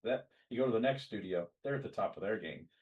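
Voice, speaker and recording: Lively man at a distant mic. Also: on the low side, fast talker, phone-quality sound. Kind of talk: casual chat.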